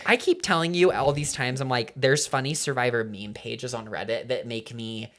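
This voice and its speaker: A man co-hosting a casual commentary podcast, chatting playfully and quick to joke. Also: medium pitch, fairly bright tone. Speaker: podcast co-host.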